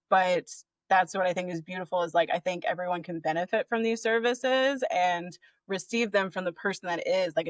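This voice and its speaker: A doula and birth educator, a woman with a lowish voice and a slight Southern American accent, chats casually in a podcast interview. She's expressive and uses lots of fillers like "like," and the recording has no room sound.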